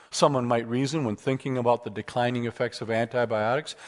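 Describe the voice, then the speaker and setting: A man giving a lecture with slides at a seminar, animated and telling humorous stories. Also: medium pitch, a little fast, hardly any pauses. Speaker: speaker at a seminar.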